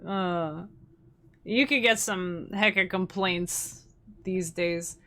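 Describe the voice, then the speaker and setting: A woman's voice: fairly low pitch, takes it slowly, a bit bright. A young woman, hosting a livestream in casual, rambling chat and laughing often. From Canada. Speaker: livestream host.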